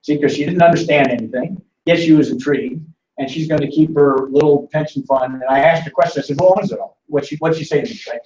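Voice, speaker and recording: Animated man lecturing a room, distant and lo-fi. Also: on the high side, fast talker, slight background noise. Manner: animated, calls on audience members by name; acts out quoted voices in storytelling. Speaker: seminar host. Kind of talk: live financial seminar talk. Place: seminar room with live audience. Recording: roomy, distant, dull lo-fi.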